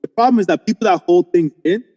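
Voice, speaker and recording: A man co-hosting a casual podcast discussion, emphatic and opinionated, talking in quick bursts. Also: high-pitched, mellow, big-room sound, dull audio. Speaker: podcast co-host.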